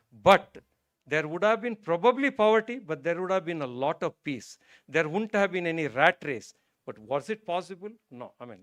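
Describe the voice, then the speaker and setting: His voice fairly high in pitch, this Indian guest speaker stands on an auditorium stage giving a public talk on religion. A moving story leaves him emotional and soft before he builds to emphatic points. The studio-quality recording has no echo.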